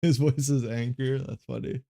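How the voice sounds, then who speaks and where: A young man streaming a card game match, giving casual and rambling play-by-play commentary in a flat, monotone way with lots of fillers. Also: mid-range voice, normal speed, creaky.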